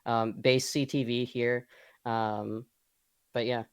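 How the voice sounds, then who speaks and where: A man speaks on a podcast panel, hesitant and loose, filling every gap with um and like. His voice has a middle pitch and a dry, close sound. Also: level tone, slow pace, clean tone, dry recording. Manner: hesitant, heavy with ums and likes. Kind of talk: casual chat.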